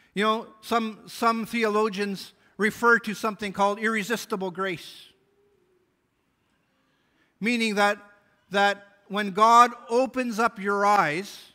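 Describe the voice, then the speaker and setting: A man's voice: high-pitched, pushed and bright. A man pastor preaching a sermon, reading scripture aloud and explaining it earnestly. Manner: earnest Bible exposition, reading scripture aloud with small restarts.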